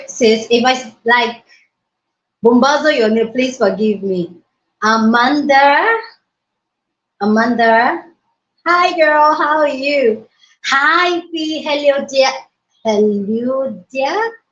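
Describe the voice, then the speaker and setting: Excitable woman live-streaming, slow-spoken, dull lo-fi phone sound. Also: high voice. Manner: hyper, excitable, loud. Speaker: livestream host. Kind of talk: casual live-stream chat. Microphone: mobile phone. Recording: roomy, dull lo-fi phone audio.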